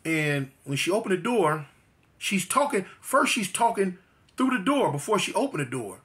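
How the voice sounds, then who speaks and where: A man's voice: high voice, sing-song, moderate pace, a bit bright. Emphatic man telling his testimony. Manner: emphatic, repeats phrases for weight. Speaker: guest telling his life story. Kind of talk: personal testimony storytelling.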